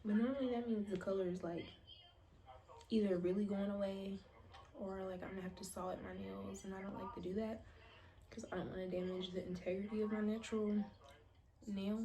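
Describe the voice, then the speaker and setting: Doing her toenails on camera, this US beauty vlogger in her twenties chats in slang and often slips into a whisper. She has a warm, medium-pitched voice with a flat delivery, speaking briskly but with long pauses.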